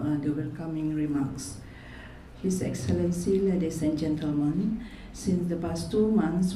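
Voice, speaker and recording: A woman's voice: low-pitched, warm tone, a little hiss or hum. A woman acting as master of ceremonies, formally introducing speakers with a few hesitations. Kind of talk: formal event hosting. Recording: echoey room, distant from the mic.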